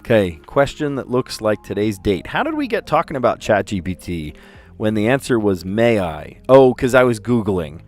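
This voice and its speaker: A man's voice: lowish voice, big pitch swings, normal speed, soft background music. A middle-aged man and teacher hosting a casual livestream, chatting and rambling with frequent exclamations while he solves puzzles.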